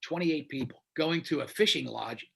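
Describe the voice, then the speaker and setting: A man's voice: a little high, normal speed, gravelly, a bit bright, husky. A man in his fifties, a radio host being interviewed, talking bluntly and with animation in casual chat. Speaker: radio show host, guest.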